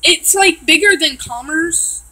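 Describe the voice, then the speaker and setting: A woman's voice: extremely high pitch, a little slow, sharp tone, poor audio. A woman from Texas, chatting casually and ranting with lots of swearing and filler words while reacting to a video.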